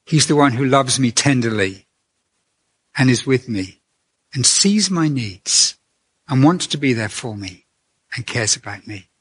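A man giving a conversational sermon as a preacher, earnest and gentle, asking his listeners questions. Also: mid-range voice, expressive, a little slow, long pauses, slightly rough.

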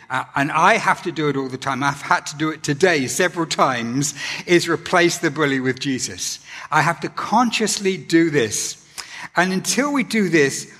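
A man preaching a sermon in an earnest, gentle way, often pausing with ums and restarting his sentences. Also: a little high. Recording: long hall reverb.

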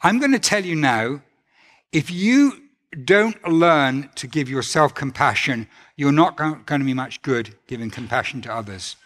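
A man preaching a sermon in a gentle, conversational way, asking his listeners rhetorical questions. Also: medium pitch, animated, unhurried, in a large hall.

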